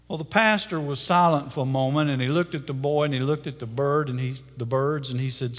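A male pastor preaching a sermon, telling a story with dramatic pacing and closing in a hushed prayer. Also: medium pitch, moderate pace. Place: church sanctuary. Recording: long church-hall reverb.

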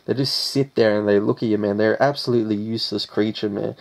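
A man's voice: lowish voice, fairly even intonation, fast talker, vocal fry, darkish tone. A young Australian man, a rapper, answering interview questions in a casual, laid-back way and saying "man" after most phrases.

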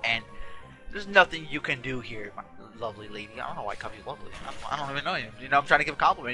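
A man with a very bright, forward voice talks over a video game, chatty and rambling, often restarting his sentences. He sounds a little tired, with game music faint behind him. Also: mid-range voice, lively intonation, racing. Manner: rambling, self-correcting, chatty. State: yawning, a bit tired. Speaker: let's play host. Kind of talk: casual gameplay commentary.

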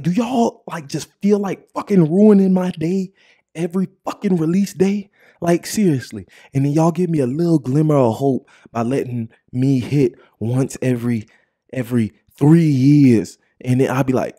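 A young man with a husky, mid-pitched voice vents on his own vlog. He swears in nearly every phrase and keeps hammering his point with repeated "bro" tags and the same phrases over and over. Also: expressive, moderate pace, mellow. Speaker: vlog host. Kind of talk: profane ranting vlog.

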